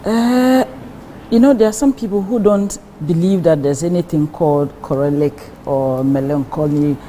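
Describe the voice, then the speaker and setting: A woman who is a guest on a TV talk show, explaining her views in a measured way. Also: sits low, mellow, slight background noise, rough recording. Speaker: guest speaker.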